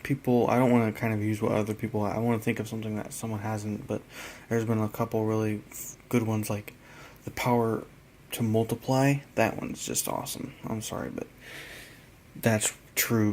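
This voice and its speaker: Tired, flat-voiced man rambling. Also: fairly low pitch, a little hiss or hum. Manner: halting and rambling, trails off mid-thought. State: tired, yawning. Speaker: hobby painting vlogger. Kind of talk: casual hobby vlog narration.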